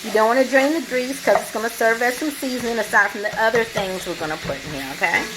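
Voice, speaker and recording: A woman's voice: fairly high pitch, quick pace, background noise. A woman vlogging her home cooking, chatting through each step as she shows the food. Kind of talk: cooking demonstration.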